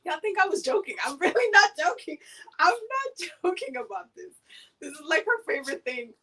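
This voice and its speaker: A woman's voice: extremely high pitch, sing-song, moderate pace, pushed and bright, low-quality recording. A woman hosting a live oracle card reading, talking in a loose, slangy, chatty way with lots of fillers and repeated words. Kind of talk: casual livestream chat during card pulls.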